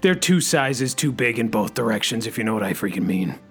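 A man playing an overexcited talk-radio host who says "freaking" constantly and leaps up in pitch. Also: animated, a little fast, faint music behind. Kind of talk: comedy radio-show sketch.

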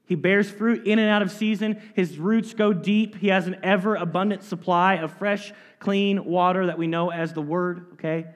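A man with a high voice preaches an expository sermon from the pulpit. He reads scripture, then drives each point home with emphatic asides and sudden drops to near quiet. His voice rings with the long echo of a large hall. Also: fairly even intonation, moderate pace, hardly any pauses. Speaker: pastor.

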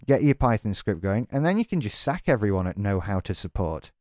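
A man's voice: on the low side, sing-song, a little fast, darkish tone, no room sound, clean studio sound. A man delivering an exasperated, sarcastic, sweary rant as a tech vlogger. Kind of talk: ranting monologue to camera.

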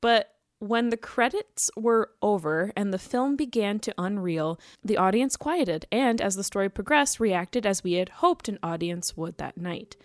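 A woman's voice: medium pitch, expressive, a little slow, hardly any pauses, dry recording, studio quality. A young woman co-hosting a casual podcast, chatty as she reads film history with side remarks. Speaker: podcast co-host.

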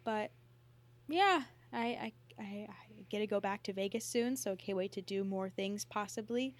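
A woman co-hosting a podcast, talking in a casual, animated way with lots of filler words. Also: medium pitch, normal speed. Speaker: podcast co-host. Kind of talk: casual chat.

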